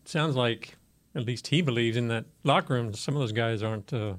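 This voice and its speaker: A man's voice: mid-range voice, normal speed. A man co-hosting a sports talk show, casually asking questions with hesitant fillers.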